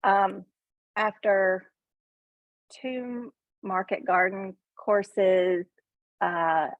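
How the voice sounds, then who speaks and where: A middle-aged woman with a country Southern accent, speaking slowly and haltingly, full of ums and little self-conscious laughs. The sound is thin and tinny, like a phone line, with a dry, close feel. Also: mid-range voice, steady tone, no room sound. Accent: Southern US (Northeast Tennessee). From Northeast Tennessee. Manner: hesitant, lots of ums, self-deprecating laughs. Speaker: farmer, coaching student. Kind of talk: casual testimonial on a video call.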